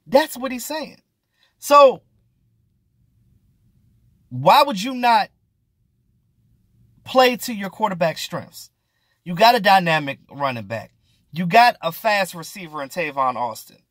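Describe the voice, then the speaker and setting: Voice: mid-range voice, big pitch swings, takes it slowly, long pauses, fairly bright tone, no echo. A sports vlogger ranting through casual, exasperated commentary, with slang and swearing, hammering points by repeating them.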